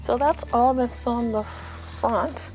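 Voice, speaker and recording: A woman's voice: on the high side, fairly even intonation, slow, a little mellow, soft background music. A woman giving a casual, unscripted tour of her front yard garden, chatty and rambling with self-deprecating asides, filmed outdoors on a phone.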